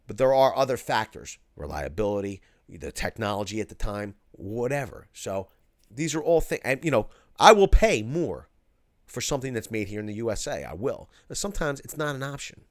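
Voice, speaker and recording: A man's voice: lowish voice, big pitch swings, moderate pace, no room sound, clean studio sound. A man from Philadelphia hosting a livestream, reading out viewer chat in a casual, slangy way. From Philadelphia, USA. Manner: laid-back, slangy, says "cuz" and "yo". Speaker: host reading live chat.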